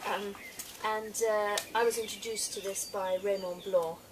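A woman's voice: mid-range voice, steady tone, measured pace. Chatty English woman, gardening outdoors. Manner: chatty and enthusiastic, with fillers. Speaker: gardening presenter. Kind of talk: casual how-to demonstration. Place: outdoor vegetable garden, rural. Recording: distant mic outdoors with background noise.

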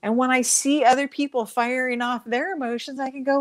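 A woman's voice: high-pitched, fairly even intonation, a little fast. A woman speaking as an interview guest, talking animatedly and acting out inner voices as she explains. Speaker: guest speaker on joy and emotions. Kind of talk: conversational interview.

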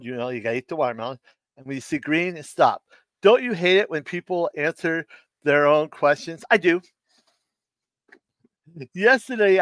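A middle-aged man hosting a live stream, telling dad jokes in a slow, halting way and chuckling at his own punchlines. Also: fairly high pitch, fairly bright tone, dry recording. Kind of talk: casual live-stream chat.

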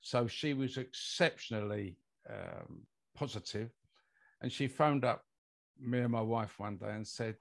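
Older british guy, gravelly voice, rambling story full of ums, middle pitch. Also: big pitch swings, unhurried. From United Kingdom. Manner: rambling anecdotal delivery with many fillers. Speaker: guest, mold investigator. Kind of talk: podcast interview storytelling.

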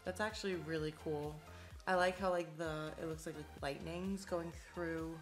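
A woman with a fairly low voice chats alongside the host, her husband, as he opens cards. She keeps her remarks dry and teasing. Faint music sits in the background. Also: steady tone, normal speed. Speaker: co-host, host's wife. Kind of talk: casual chat.

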